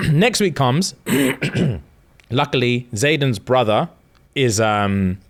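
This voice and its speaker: A young man co-hosting a podcast, excitedly retelling a story and acting out the characters' lines. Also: mid-range voice, drawn-out words. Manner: animated storytelling, acts out quotes. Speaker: podcast co-host. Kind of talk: casual chat, retelling a story.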